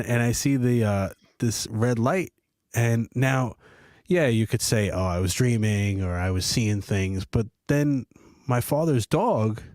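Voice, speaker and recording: A man hosting a podcast, talking in a relaxed, low-key, rambling way over a video call. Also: no echo, clean studio sound. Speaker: podcast host. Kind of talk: casual chat.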